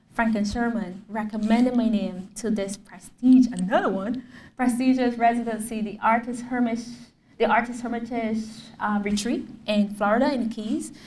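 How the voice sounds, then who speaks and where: With a slightly high, darkish voice, a Barbadian guest artist likely in her thirties lectures publicly in a lecture hall. She brings her story to life, imitating what people told her. The hall sounds roomy, the mic is far off, and there's faint room noise.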